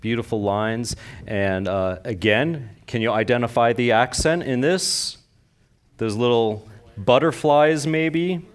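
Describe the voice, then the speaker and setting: A man's voice: medium pitch, takes it slowly, clear, resonant tone. A man giving a live floral design demonstration to an audience, chatty and enthusiastic, often asking them questions. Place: convention stage before an audience.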